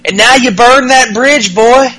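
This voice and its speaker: High, bright-voiced profane podcast host. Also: male voice, unhurried, no echo, poor audio. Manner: profane, jokey, acts out wrestlers' lines in mocking voices. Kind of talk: casual wrestling recap.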